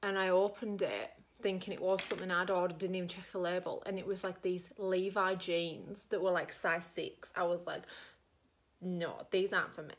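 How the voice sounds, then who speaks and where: Speaking at a moderate pace in a lowish, level voice, a middle-aged woman with an Australian accent applies her makeup on camera. As she works, she rambles through a long story stuffed with fillers.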